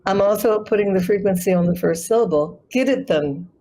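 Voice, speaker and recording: A woman who teaches chanting, explaining pronunciation and demonstrating sounds slowly in a conversation over a video call. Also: mid-range voice, fairly even intonation, warm tone, rough recording. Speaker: guest, sacred chant artist and yoga teacher.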